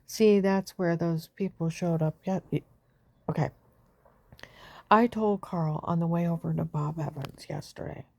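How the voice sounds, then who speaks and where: A woman with a dark, gravelly voice sitting low in her range. She rambles on in an agitated monologue, jumping from loud outbursts to hushed whispers, and the sound is dry and close. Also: measured pace, no room sound. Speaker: vlogger.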